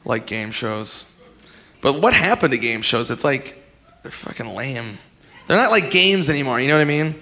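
A man doing a stand-up comedy set, swinging into loud shouted impressions. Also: medium pitch, animated, moderate pace. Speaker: stand-up comic.

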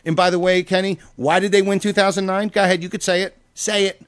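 A man ranting about sports on a podcast, heated and full of profanity. His voice sits a bit high for a man and sounds dry and close. He keeps pushing his point hard. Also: little pitch movement, fast, dry recording. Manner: ranting, heated, swears a lot. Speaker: podcast co-host. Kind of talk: casual profane chat.

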